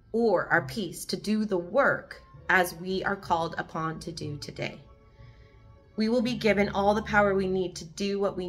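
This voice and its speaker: A woman with a fairly low voice shares a daily meditation in an earnest, gently encouraging way. She sounds emotional, close to tears at times. Soft music plays faintly behind her. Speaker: host of a daily reflection video. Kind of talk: reading and reflecting on a daily meditation.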